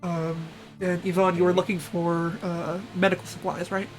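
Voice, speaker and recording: Lady game master narrating, lowish voice, soft music in the back. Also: little pitch movement, moderate pace. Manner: casual, laughing, with many fillers.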